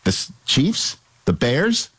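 Lively, playful man hosting sports talk. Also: takes it slowly, breathy edge, dry recording. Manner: lively, playful, jumps up in pitch. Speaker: host.

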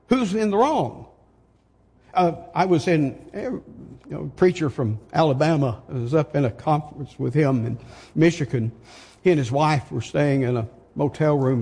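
A husky, higher-pitched older man preaches at a deliberate, unhurried pace, pressing his points with rhetorical questions. His voice rings with the long reverb of a large hall. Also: darkish tone. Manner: slow, emphatic, asks rhetorical questions. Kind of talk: sermon.

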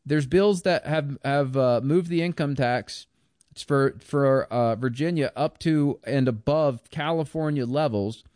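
A man's voice: medium pitch, a little slow, a little mellow, dry recording, studio quality. A man giving a blunt, scornful, rambling political commentary monologue.

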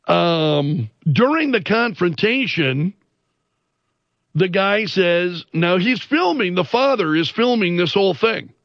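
A man with a notably high voice talks through the news at an unhurried pace, filling the gaps with ums and restarts as he piles on disbelief. The sound is dry and a little dull, with no room around it. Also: no echo. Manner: animated, incredulous retelling with frequent fillers and restarts. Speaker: commentary show host. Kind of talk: casual news commentary.

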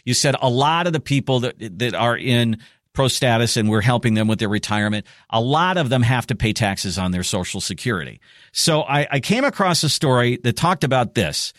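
A man's voice: mid-range voice, animated, fairly quick, fairly bright tone, no room sound. Guy hosting a money radio show, dry studio sound, pushy and upbeat. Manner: persuasive, repeats phone numbers. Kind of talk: financial radio talk and ad reads.

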